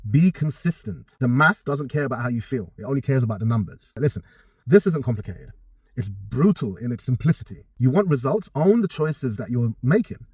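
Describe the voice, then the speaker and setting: A fast-talking young man, working as a personal trainer. He gives casual advice, blunt and full of swearing. His voice is slightly husky, and the recording is close and dry, with no room echo. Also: mid-range voice, darkish tone. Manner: blunt and profane, talks straight to viewers. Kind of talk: casual direct-to-camera advice.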